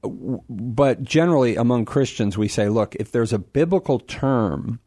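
A man speaking as a guest on a radio show, explaining things in an animated, self-deprecating way. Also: mid-range voice, normal speed, dry recording. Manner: animated, explanatory, laughs at himself. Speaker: guest, apologist.

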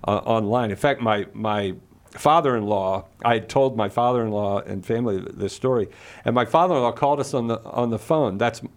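A man's voice: lowish voice, fairly quick. A middle-aged man telling a personal story and arguing a moral point, earnest and passionate, often repeating words when stirred. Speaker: Catholic speaker.

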